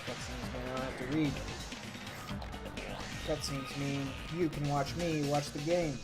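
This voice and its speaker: A man's voice: on the high side, fairly even intonation, unhurried, long pauses. A man hosting a game playthrough, recapping in a dry, offhand way. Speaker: let's play host. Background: game music.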